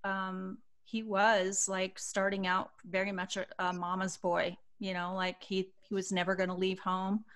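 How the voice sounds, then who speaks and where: A woman in her fifties speaking on a video call as an astrology panelist, soft-spoken and reflective, with many pauses and fillers. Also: medium pitch. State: emotional, choking up.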